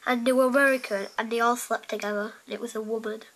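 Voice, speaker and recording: A woman's voice: fairly high pitch, fairly even intonation, fast, fairly bright tone, slight background noise, low-quality recording. A woman chatting casually while playing a game, giggly and teasing, rambling on. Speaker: gamer.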